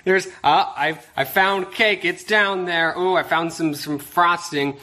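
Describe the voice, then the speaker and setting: A man's voice: high voice, slow pace, sharp tone. A man vlogging as a YouTuber, joking and talking in a mock-sincere way. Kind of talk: casual vlog.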